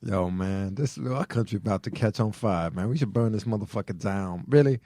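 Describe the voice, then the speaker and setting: A man's voice: on the low side, normal speed, mellow, dry recording. A man co-hosting a comedy podcast, riffing in streetwise slang and saying "man" constantly. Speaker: podcast co-host.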